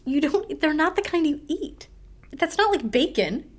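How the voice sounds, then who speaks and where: A woman co-hosting a casual podcast chat, laughing and skeptical in quick banter. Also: high-pitched, expressive. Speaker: podcast co-host.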